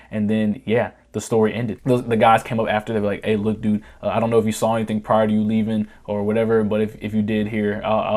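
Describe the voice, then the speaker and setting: Profane low-voiced man telling war stories. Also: a little mellow. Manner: profane, rambling, laughs while telling. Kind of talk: casual storytime vlog.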